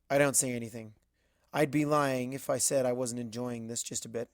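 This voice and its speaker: A man's voice: medium pitch, steady tone, a little fast, dry recording. Man reading a fanfic aloud, dry. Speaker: fanfic reader. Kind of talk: first-person story narration.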